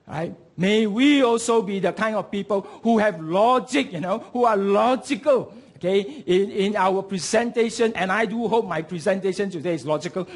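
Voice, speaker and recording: A middle-aged man preaching a sermon, telling stories with lively swings between soft asides and loud, emphatic peaks. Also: sits high, normal speed. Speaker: pastor.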